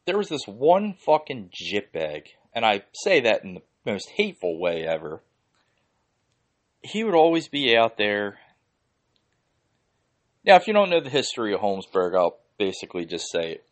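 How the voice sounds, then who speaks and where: A man's voice: on the low side, huge pitch swings, moderate pace, pauses often. A man from Philadelphia hosting a podcast, ranting casually and heatedly with lots of swearing and "like" fillers. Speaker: podcast host.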